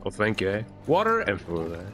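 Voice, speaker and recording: A man's voice: lowish voice, huge pitch swings, a little fast, music in the background. A man streaming a first playthrough of a game, playfully commenting and reading dialogue aloud, tagging "eh?" onto lines. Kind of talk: casual let's-play commentary.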